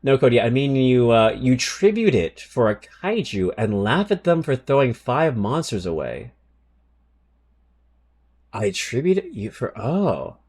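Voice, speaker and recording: A man chatting on a live stream. His pitch is mid-range but swings widely as he talks. He swears casually, reacts to his viewers' comments, and reads game card text aloud. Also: very animated, measured pace, darkish tone, breathy edge. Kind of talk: casual livestream chat.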